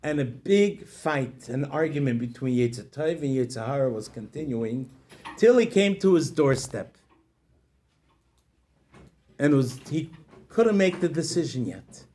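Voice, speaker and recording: A man, a rabbi, telling a story with moral lessons in an expressive way, speaking directly to listeners. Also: mid-range voice, unhurried, long pauses.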